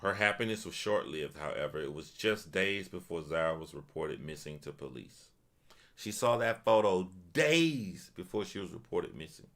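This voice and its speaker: A man's voice: deep voice, expressive, normal speed, a bit bright. A man streaming casual commentary, reading a news article aloud and stopping to react with stunned remarks and repeated phrases. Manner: repeats himself and restarts phrases.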